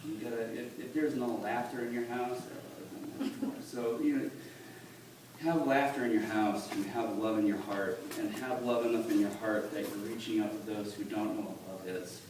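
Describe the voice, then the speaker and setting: A man's voice: fairly low pitch, steady tone. Earnest man speaking in an echoey church. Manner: halting, conversational, earnest. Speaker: church member giving testimony. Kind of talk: personal testimony at church. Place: church sanctuary. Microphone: phone in the congregation. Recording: echoey church on a distant phone, noisy.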